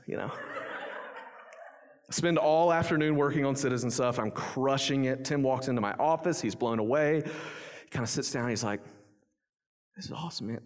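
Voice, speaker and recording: A young man preaching a sermon as pastor, telling a story in quick run-on clauses, then turning quiet and earnest to lead communion. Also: mid-range voice. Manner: quiet, earnest near-whisper leading communion. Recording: long hall reverb.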